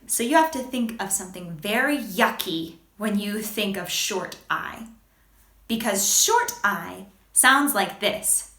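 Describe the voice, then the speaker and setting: A woman teaching a children's phonics lesson, speaking slowly and exaggerating each sound for young learners. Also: medium pitch, roomy sound. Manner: slow, expressive, exaggerated sounds.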